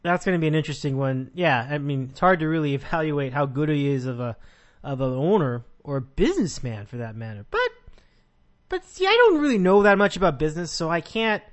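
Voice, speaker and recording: A man's voice: fairly high pitch, big pitch swings, fairly quick. A man hosting a casual sports podcast, talking in a rambling way with frequent restarts. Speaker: podcast host.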